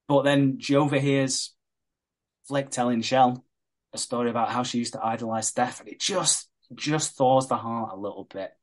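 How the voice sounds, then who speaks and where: A man on a podcast, recapping a soap episode with lively, sweary enthusiasm. He jumps into quoted lines and talks in a loose, chatty way. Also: mid-range voice. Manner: animated retelling, swears a lot, laughs often. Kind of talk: casual sweary chat.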